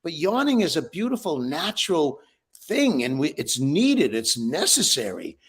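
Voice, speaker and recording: A man's voice: a little high, sing-song, normal speed, fairly bright tone, slight background noise. An older man, a breathwork teacher, answering interview questions with enthusiasm and frequent restarts. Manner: enthusiastic, repeats words when starting.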